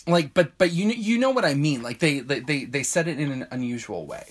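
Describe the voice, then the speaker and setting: A man's voice: on the high side, fairly quick. A man talking casually on a podcast, his voice rising and dipping constantly as he rambles through his thoughts. He leans on filler words and laughs easily. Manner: rambling, heavy use of "like", lively and laughing. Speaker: podcast co-host. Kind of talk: casual chat.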